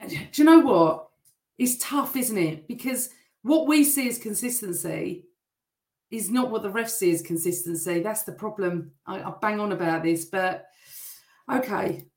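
A middle-aged woman hosting a live stream, chatting and greeting viewers by name while reading their comments, her voice still a little rough. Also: mid-range voice, a little slow, a little mellow, echoey room.

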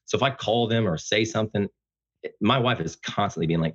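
A man talking casually as a podcast guest, speaking loudly and passionately with animated storytelling. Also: fairly quick, slightly rough, muffled recording. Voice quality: loud booming voice. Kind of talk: casual conversation.

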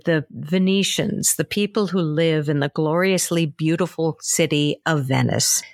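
A woman hosting a travel talk show, telling stories in an animated, expressive way in casual chat. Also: dry recording, studio quality. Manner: animated, expressive storytelling with big swings in pitch. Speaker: radio travel show host.

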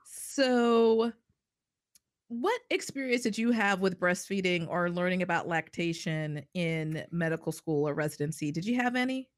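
A woman's voice: lowish voice, unhurried. A woman family physician hosting a podcast, chatting in a bubbly, playful way. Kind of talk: casual chat.

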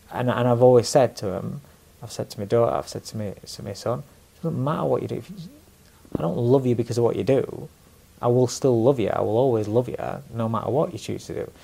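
A man's voice: medium pitch, vocal fry, dark tone. A man in his forties, a former boxer, talking candidly about fatherhood and himself in casual conversation, repeating words and swearing bluntly. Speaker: podcast guest, former boxer.

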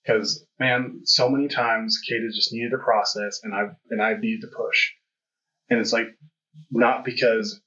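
Speaking at a medium pitch with a sharp edge, a man hosts a podcast in conversational interview style. His talk is candid, reflective and rambling. The audio is dull and lo-fi.

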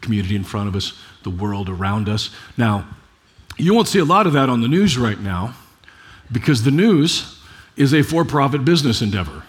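A man's voice: mid-range voice, big pitch swings, normal speed. Chatty middle-aged male preacher. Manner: chatty, rhetorical asides, frequent restarts. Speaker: pastor. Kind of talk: conversational sermon.

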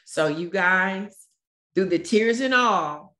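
A woman guest on a podcast, telling a personal story in an emotional, animated way. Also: medium pitch, slow pace. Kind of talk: casual storytelling.

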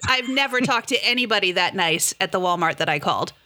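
A woman co-hosting a podcast in casual chat, giggly and animated. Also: medium pitch, fast, no echo. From lives in the US South. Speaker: podcast co-host.

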